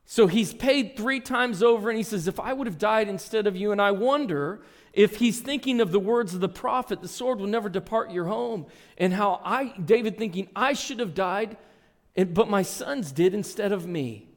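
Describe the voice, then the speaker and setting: Male pastor with a high voice, preaching earnestly in a big echoing sanctuary. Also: moderate pace. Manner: earnest storytelling, reads and retells scripture. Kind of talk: sermon. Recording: long reverb in a large hall.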